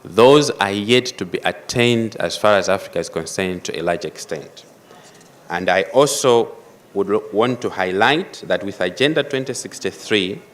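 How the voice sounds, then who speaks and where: Measured man giving a formal speech. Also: lowish voice, fairly bright tone. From Malawi. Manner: measured, emphatic, repeats key phrases. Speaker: conference speaker. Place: conference hall.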